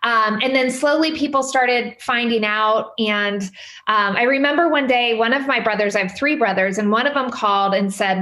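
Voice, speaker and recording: A woman in her forties telling personal stories as a podcast guest, animated, with lots of fillers and sudden high quoted voices. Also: moderate pace. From Midwestern United States. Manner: animated, many fillers, jumps up in pitch quoting others. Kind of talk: candid conversational storytelling. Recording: roomy echo.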